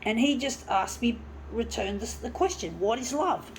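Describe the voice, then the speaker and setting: A woman's voice: a little high, big pitch swings, moderate pace, darkish tone, slight background noise. A woman talking to her viewers in a casual monologue, blunt and profane, bitter and aggrieved, rambling with many restarts.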